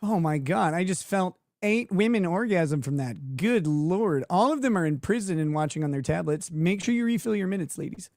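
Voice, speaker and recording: A man's voice: high-pitched, animated, moderate pace, hardly any pauses, a little mellow. A man hosting a livestream, talking casually and sarcastically and laughing often. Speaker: livestream host.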